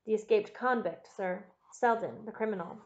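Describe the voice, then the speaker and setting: A woman's voice: mid-range voice, normal speed, darkish tone, highs cut off, lightly acted. A woman voicing a distraught middle-aged housekeeper who earnestly confesses to her master, in an audiobook reading.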